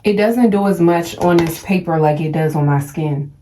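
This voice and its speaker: A young woman vlogging a perfume unboxing, gushing and excited, stumbling over brand names. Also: on the low side, moderate pace, slight background noise. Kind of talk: casual unboxing vlog. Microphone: phone.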